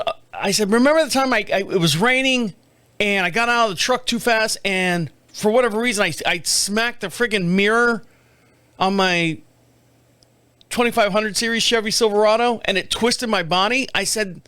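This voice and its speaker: A middle-aged man hosting a podcast, telling rambling, animated stories and putting on mocking voices in a casual monologue. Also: sits high, no echo. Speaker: podcast host. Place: home studio.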